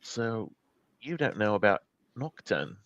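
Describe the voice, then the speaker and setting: A man doing a hushed solemn wizard with a Devon accent. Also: on the low side, sing-song, slow pace, dry recording, highs cut off, heavily acted. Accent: attempted Devon. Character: reserved solemn young male wizard.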